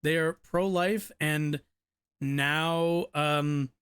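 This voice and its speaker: A man's voice: a little high, steady tone, extremely slow, a bit bright, clean tone. Casual young man streamer reading aloud. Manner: reads aloud, stumbles, asides and mutters. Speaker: streamer reacting to an article.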